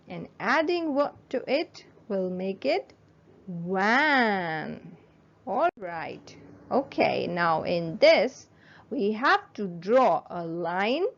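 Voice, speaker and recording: A woman teaching a children's phonics lesson, sounding words out slowly and patiently. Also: medium pitch, muffled recording.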